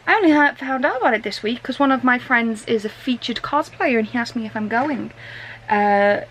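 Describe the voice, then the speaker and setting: A woman's voice: on the high side, lively intonation, fairly quick, fairly bright tone, slight background noise, poor audio. Chatty woman vlogger with a migraine. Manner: chatty, rambling, self-deprecating. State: suffering a migraine. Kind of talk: casual chat vlog.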